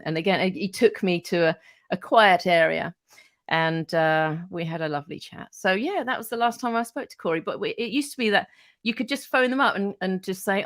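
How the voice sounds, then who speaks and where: A woman's voice: lowish voice, dry recording. Chatty woman telling stories. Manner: chatty, rambling, swears casually, many fillers. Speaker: radio presenter and guest. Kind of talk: casual anecdotal chat.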